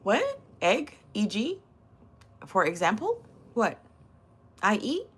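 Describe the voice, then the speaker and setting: A woman's voice: mid-range voice, huge pitch swings, takes it slowly, husky. An older woman chatting casually on a livestream, reading viewers' messages aloud and teasing them with crude, swearing humor and frequent laughter.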